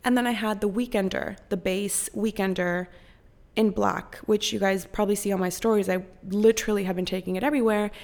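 A woman's voice: medium pitch, a little fast, gravelly. A young woman hosting a podcast, telling a story in casual chat, swearing freely and acting out other people's voices. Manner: profane and animated, acts out others' voices. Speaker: podcast host.

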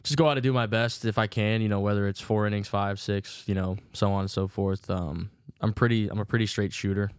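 A man's voice: on the low side, steady tone, a little fast, few pauses, clear, resonant tone, no room sound, studio quality. A young man with a light Southern American accent, chatting casually as an interview guest and laughing often. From Virginia. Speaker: guest, baseball pitcher.

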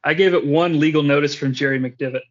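A fairly high-voiced man chats about a wrestling show with animated, joking energy and drops casual swears. The recording sounds dull and lo-fi, like a home podcast. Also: fast talker. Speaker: podcast host. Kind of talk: casual wrestling recap chat.

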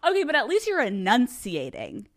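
A young woman from outside Philadelphia hosts a relaxed interview podcast. She talks in a chatty way, laughs often, and her voice sits a little higher than most women's. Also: normal speed. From near Philadelphia, USA. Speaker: podcast host. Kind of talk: casual interview chat.

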